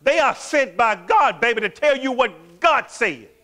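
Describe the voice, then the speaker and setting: Animated, high-voiced preaching man. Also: a little slow. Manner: animated, quizzes the congregation with call-and-response questions. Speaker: pastor. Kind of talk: sermon.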